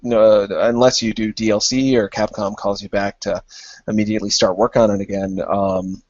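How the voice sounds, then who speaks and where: A man hosting a podcast, asking easygoing, drawn-out questions in casual chat. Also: fairly low pitch, darkish tone, no room sound. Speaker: podcast host. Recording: dry, slightly dull podcast audio.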